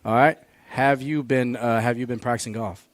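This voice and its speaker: A man's voice: medium pitch, steady tone, normal speed, dry recording. Host, man, teasing folksy banter, dry close sound. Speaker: host of a school sports show. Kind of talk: casual joking interview.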